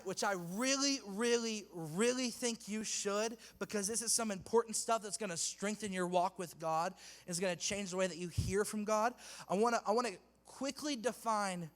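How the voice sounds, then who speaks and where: A man's voice: high voice, fairly bright tone, in a large hall. A man preaching a sermon to a youth group, casual and slangy, joking with the crowd between points. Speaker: youth pastor. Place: church hall with youth audience.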